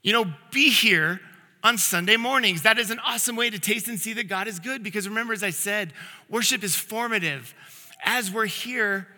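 A man's voice: high-pitched, normal speed, sharp tone. A man preaching a conversational sermon to his congregation, telling a long personal story in an earnest way with frequent restarts. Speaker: pastor. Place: church sanctuary. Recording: long reverb of a church hall.

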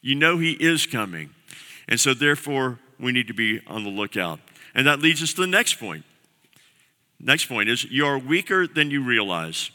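A man's voice: medium pitch, sing-song, normal speed, pushed and bright. A man preaching a sermon as pastor, earnest and repeating key phrases for emphasis. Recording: long reverb of a large hall.

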